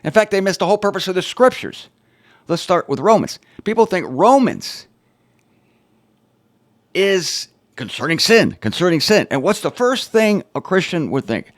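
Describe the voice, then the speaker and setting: A man teaching scripture on his own show, emphatic and animated, his pitch swinging widely as he drives each point home. He slips in dry, sarcastic asides between the serious points. The voice sounds close and dry, with almost no room around it. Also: normal speed, dry recording. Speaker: Bible teacher and show host. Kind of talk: informal Bible teaching to camera.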